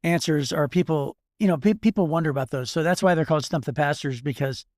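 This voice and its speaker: A man's voice: a little high, fast talker, darkish tone, no room sound, studio quality. A man co-hosting a faith podcast as a pastor, speaking emphatically and repeating words for stress. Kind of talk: casual faith discussion.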